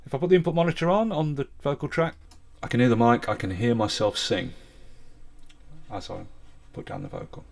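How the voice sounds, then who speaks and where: Midlands guy explaining a music software tutorial step by step, middle pitch, close mic. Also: fairly quick, vocal fry. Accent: English Midlands. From English Midlands. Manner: step-by-step, matter-of-fact talk-through. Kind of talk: screen-recorded software tutorial. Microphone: vocal mic set up close and loud.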